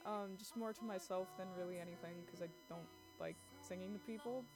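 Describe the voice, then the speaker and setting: A woman's voice: lowish voice, steady tone, a little fast. A woman streamer chatting casually and laughing as she talks through character ideas. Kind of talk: casual chat while drawing. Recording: music playing behind. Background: background music.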